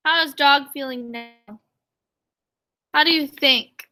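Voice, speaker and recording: A woman teacher leading an online reading lesson over a video call, reading a picture book aloud and asking her pupils questions in an animated way. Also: sits high, slow pace, long pauses.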